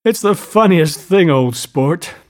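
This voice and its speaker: A man's voice: a little high, lively intonation, moderate pace, darkish tone, pitched above the performer's own voice. A man voicing a giddy, wealthy young man showing off his house in an audiobook reading.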